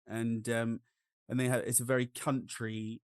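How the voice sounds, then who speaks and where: An English man with a Norwich accent chats easily as a co-host. He rambles and restarts in a relaxed way. His voice is recorded close and dry, with no room sound. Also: mid-range voice, measured pace, clean tone, no room sound. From England. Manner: chatty, slips into other accents for quoted speech. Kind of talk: casual chat.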